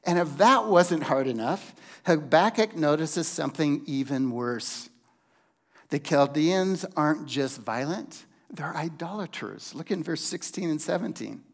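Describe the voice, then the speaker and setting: A man preaching a sermon at a slow, measured pace, leaning on long pauses and dropping to a hush for emphasis. His voice sits a little higher than most men's. The sound trails off into a long reverb, as in a large church hall. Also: lively intonation.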